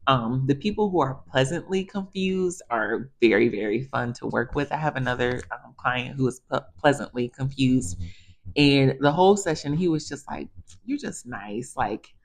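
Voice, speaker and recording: A woman with a low-pitched voice talks casually to her viewers. She is a physical therapist sharing work stories in a chatty, animated monologue. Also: normal speed, slight background noise.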